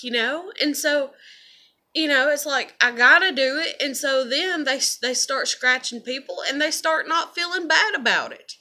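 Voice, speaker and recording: A woman's voice: sits high, bright, forceful tone. A woman and mother speaking in a casual monologue, rambling, candid and often profane. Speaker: vlogger and mother.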